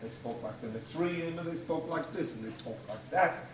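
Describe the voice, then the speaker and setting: A man's voice: on the high side, lively intonation, moderate pace. A man giving a rabbinic lecture to an audience, emphatic and repeating key phrases for force. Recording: echoey room, distant mic, faint hiss.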